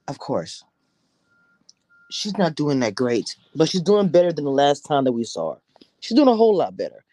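A woman's voice: sits low, sing-song, moderate pace, pauses often, warm tone, no room sound, clean studio sound. A woman recapping a TV episode in a casual, chatty way, sometimes dropping to a whisper for emphasis. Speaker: TV show reviewer.

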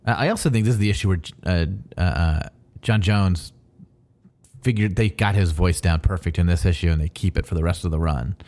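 A man's voice: low voice, fairly quick, a little mellow. A man co-hosting a casual podcast, adding background and trivia about a comic series. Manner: adds fan background and trivia, with frequent fillers. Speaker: podcast co-host.

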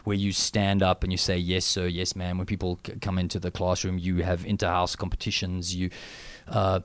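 A middle-aged South African man, a guest in an interview, speaking reflectively and haltingly with many fillers and restarts. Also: deep voice, monotone, no room sound. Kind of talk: interview conversation.

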